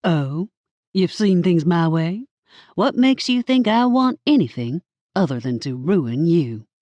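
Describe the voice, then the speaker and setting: Woman reading as a snippy hairdresser witch, spiteful, defensive, sharp-tongued, dry close sound. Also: on the low side, big pitch swings, a little slow, no room sound, lo-fi sound. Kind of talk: audiobook character voice.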